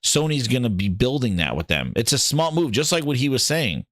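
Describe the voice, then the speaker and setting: A man hosting a gaming show, talking in casual, opinionated commentary. He swears freely, mocks other people in put-on voices and gets excited as he reads. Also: medium pitch, brisk, dry recording, studio quality. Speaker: gaming podcast host.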